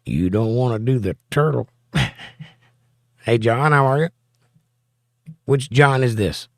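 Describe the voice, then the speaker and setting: A man hosts a relaxed livestream, reading out chat messages and tossing back quick wisecracks. His voice sits at an ordinary middle pitch. The sound is dry and close, picked up by a desk mic in a small home room. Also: no echo.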